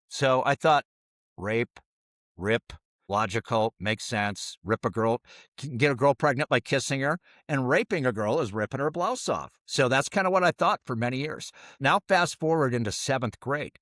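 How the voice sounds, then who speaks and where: A man's voice: medium pitch, big pitch swings, normal speed, fairly bright tone, dry recording, studio quality. A middle-aged man co-hosting a podcast, telling a story casually and acting out the quoted voices. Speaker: podcast co-host.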